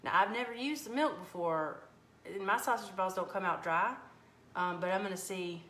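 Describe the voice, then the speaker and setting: A woman hosting a casual live cooking stream from her home kitchen, folksy and animated as she reads viewer comments. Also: medium pitch, normal speed. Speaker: cooking livestream host. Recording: echoey kitchen with faint background noise.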